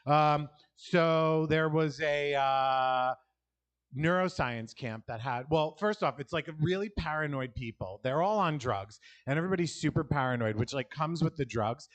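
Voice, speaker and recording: This New York-accented comedian, pitched on the high side and unhurried, delivers a loose stand-up set that rambles along with self-deprecating asides. It was recorded at a show held in an outdoor alley.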